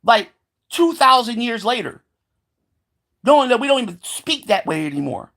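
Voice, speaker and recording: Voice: mid-range voice, big pitch swings, normal speed, vocal fry, a bit bright. A vlogger in a heated, profane rant, sarcastic and mocking, often stumbling over repeated words. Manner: heated, sarcastic, swears constantly; mocking voices of believers. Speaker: solo vlogger.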